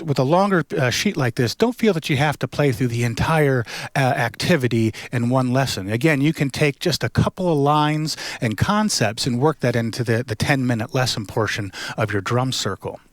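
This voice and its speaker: A middle-aged man giving a casual drum lesson as a facilitator, relaxed and full of fillers, chanting rhythm words as he plays. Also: medium pitch, no room sound. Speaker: drum circle facilitator and instructor. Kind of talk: casual instructional talk with chanted drum counts. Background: hand drum playing.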